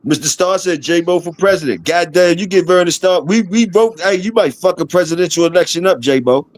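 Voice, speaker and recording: A man's voice: high voice, a little fast, dry recording. A middle-aged man with a Baltimore accent hosting a livestream, laid-back and laughing, in casual streetwise talk. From DMV area of the US. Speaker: livestream host. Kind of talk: casual chat.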